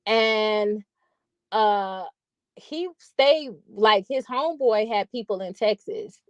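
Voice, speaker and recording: A woman's voice: medium pitch, slow pace, no room sound, highs cut off. Profane, chatty woman vlogger. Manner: profane, loose and colloquial; chatty, laughing asides. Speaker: vlog host. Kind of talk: casual storytelling monologue.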